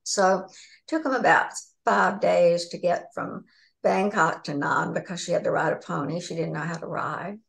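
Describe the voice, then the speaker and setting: Woman author guest on a video call, lively storyteller, gravelly voice. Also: lowish voice, moderate pace, low-quality recording. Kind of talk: casual interview storytelling.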